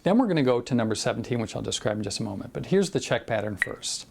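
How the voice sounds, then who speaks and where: A man explains drum rudiments in a relaxed, easygoing way, full of fillers as he counts beats out loud. His voice sits at a middling pitch with a gravelly edge. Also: fast talker, very noisy. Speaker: drum instructor. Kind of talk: casual drum lesson with counting.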